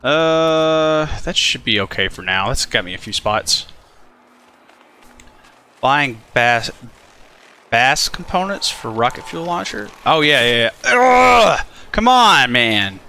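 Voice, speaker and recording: A man giving casual let's play commentary on a game, chatty and animated, swearing and talking to the creatures on screen. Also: mid-range voice, takes it slowly, smooth. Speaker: gaming channel host.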